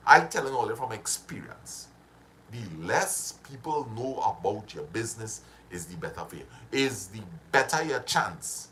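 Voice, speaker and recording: A man gives life advice on a casual live stream, and his pitch swings high and low as he gets going. He repeats phrases for emphasis and stops to greet viewers by name. Faint background noise sits under his voice. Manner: animated, repetitive, drifts into greeting viewers.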